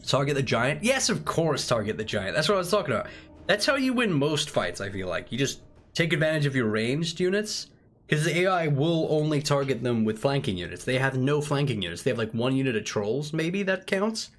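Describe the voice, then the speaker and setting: A British man from the United Kingdom live-streams a strategy game, rambling and joking with chat while handing out tactics in casual commentary. His mid-range voice is very animated, slightly bright, and a little fast.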